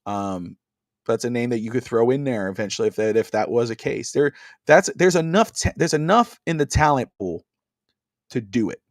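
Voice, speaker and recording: A man's voice: mid-range voice, moderate pace, no room sound. Man, podcast co-host, rambling talk, lots of fillers and restarts, video call, dry sound. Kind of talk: casual wrestling talk over a video call.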